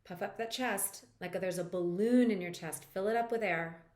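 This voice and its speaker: A woman coach leading a guided tapping lesson, talking the listener through each step in a calm, reassuring way. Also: medium pitch, moderate pace. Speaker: EFT practitioner and coach. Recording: roomy echo.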